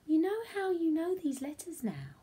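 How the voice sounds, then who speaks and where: A woman's voice: sits high, huge pitch swings, normal speed, mellow. A woman teaching a phonics lesson to young children, speaking in a sing-song, encouraging way that often drops to a whisper.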